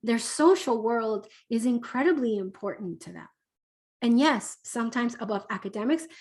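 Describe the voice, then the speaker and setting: A woman parenting expert answering viewer questions on a live online Q&A, speaking in a conversational coaching way with many fillers. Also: fairly high pitch. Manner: warm conversational coaching, frequent fillers, reads questions aloud. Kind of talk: live online Q&A, casual advice.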